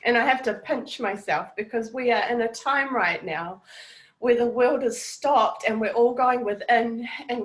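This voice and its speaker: On a group video call, this New Zealand woman, who leads a network marketing team, gushes warmly through a testimonial with some casual swearing. She speaks with a New Zealand accent, her voice on the high side, in low-quality audio.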